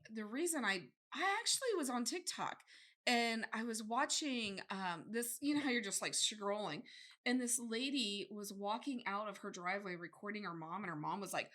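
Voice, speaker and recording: A woman in her forties chats casually as a podcast co-host. Her pitch swings widely and her tone is bright and forceful. She tells her stories with animation and acts out each voice. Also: expressive, normal speed. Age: 40s. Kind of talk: casual chat.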